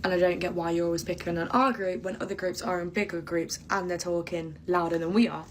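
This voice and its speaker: A woman's voice: lowish voice, fairly even intonation, quick pace, slight background noise, poor audio. A teenage girl telling a storytime in casual chat, chatty and rambling with many fillers. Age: teens. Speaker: vlogger.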